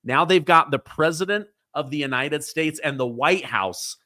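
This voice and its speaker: Excitable man doing news commentary. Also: a little high, moderate pace, no echo, clean studio sound. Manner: excitable, conversational. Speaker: commentary channel host.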